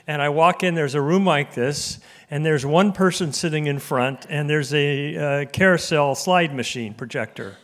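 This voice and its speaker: A man in his seventies, an emeritus professor giving a conference talk to a live audience in an auditorium, telling a self-deprecating anecdote in a relaxed way. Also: fairly high pitch, moderate pace, hardly any pauses. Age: 70s. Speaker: guest speaker, emeritus professor.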